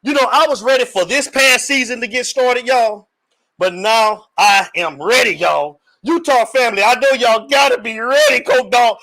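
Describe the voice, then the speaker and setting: A man hosting a live sports call-in show, talking in an energetic, slangy, hyped-up way and calling out viewers by name. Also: extremely high pitch, moderate pace, low-quality recording. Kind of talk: hyped casual live-stream talk.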